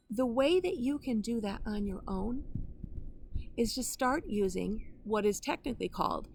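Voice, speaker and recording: A woman's voice: high voice, gravelly, a little hiss or hum. A woman, a grandmother in her fifties or older, teaching the Bible online in an earnest, conversational way with personal asides.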